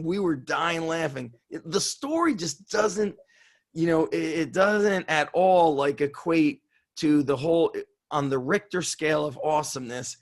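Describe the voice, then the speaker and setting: A man who is a strength coach telling a story on an interview in an excitable way, swearing and laughing as he goes. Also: on the high side, measured pace. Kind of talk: animated storytelling.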